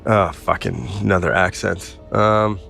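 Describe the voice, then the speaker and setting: A man running a tabletop game as game master, casual and quick to laugh. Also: deep voice, gravelly, fairly bright tone, faint music behind.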